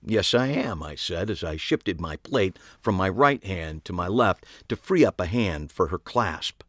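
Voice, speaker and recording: A man's voice: deep voice, lively intonation, unhurried, a bit bright, no room sound. A man narrating a story in the first person, dry and wry in tone. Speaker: audiobook narrator.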